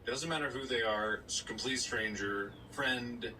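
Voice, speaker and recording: A man co-hosting a podcast, telling a story in casual chat and acting out other people in high voices. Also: measured pace, far from the mic, a little hiss or hum, poor audio. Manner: animated storyteller, acts out voices in high squeaks. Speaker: podcast co-host.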